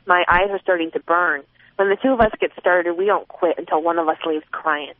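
A woman's voice: fairly low pitch, brisk, no echo. A woman narrating a first-person novel, expressively voicing a young girl's thoughts. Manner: expressive, voicing a twelve-year-old girl's inner thoughts. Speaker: audiobook narrator. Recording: narrow phone-like sound, dry.

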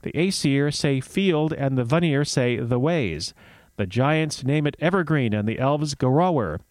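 A man's voice: mid-range voice, expressive, a little slow, a little mellow, no echo, close to an everyday voice. A man voicing a blunt, boastful male dwarf suitor in a read-aloud myth, speaking testily and impatiently. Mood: smug. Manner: testy and impatient.

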